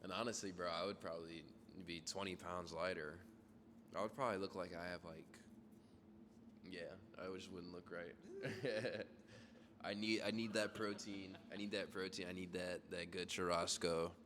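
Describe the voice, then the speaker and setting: A man's voice: sits low, fairly even intonation, normal speed. A man in his twenties from Florida, a podcast guest talking in a laid-back, slangy way. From Florida, United States. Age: 20s. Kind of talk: casual podcast chat. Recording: clear background noise.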